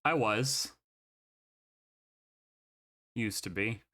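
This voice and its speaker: A man's voice: fairly low pitch, extremely slow, pushed and bright, voice pushed down, full character voice. A man voicing a weary elf ex-ranger. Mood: apologetic.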